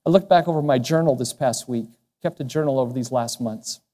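A man preaching a sermon as a pastor, speaking in a personal, earnest way, with soft, lowered passages. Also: brisk. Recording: long hall reverb.

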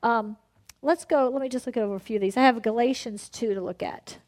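A middle-aged woman preaching a conversational sermon, with animated asides and laughter. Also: on the high side, fast talker.

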